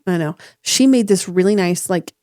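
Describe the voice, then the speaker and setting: Woman, podcast co-host, casual storytelling, lively quoted voices, dry close sound. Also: normal speed, dry recording. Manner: animated storyteller, voices quoted people with jumps in pitch. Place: home room with dogs nearby.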